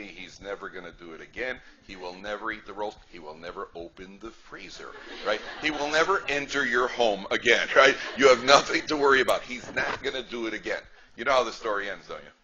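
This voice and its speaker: Fairly low in pitch and fairly quick, this man's voice sounds pushed and bright. He is a rabbi giving a humorous class, telling stories in a chatty, repetitive way and often asking the room "right?" It's captured as a dull lo-fi lecture recording with faint noise.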